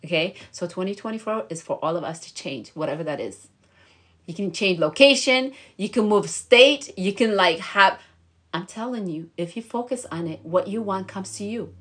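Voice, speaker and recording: A woman's voice: mid-range voice, lively intonation, normal speed, fairly bright tone, husky. A young woman giving casual, encouraging advice to camera as a lifestyle vlogger. She talks in a bubbly way, with lots of fillers and frequent laughs. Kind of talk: casual motivational talk to camera.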